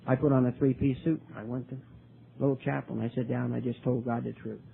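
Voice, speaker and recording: A man's voice: mid-range voice, little pitch movement, vocal fry. Older man telling his story, tinny lo-fi. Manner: earnest, halting with many restarts. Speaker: AA speaker. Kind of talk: recovery talk storytelling. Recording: tinny lo-fi recording, faint hiss.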